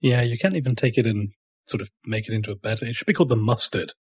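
A man's voice: medium pitch, fast talker, breathy edge, no room sound, clean studio sound. A man co-hosting a podcast, reading the outro and teasing his co-hosts in casual chat. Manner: joking, teasing. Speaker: podcast co-host.

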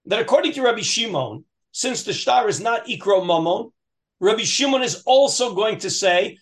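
High-pitched and very animated yet unhurried, with long pauses, a man teaches Talmud. He chants the Aramaic text in a singsong lilt, then breaks it down with many restarts and frequent questions to the class.

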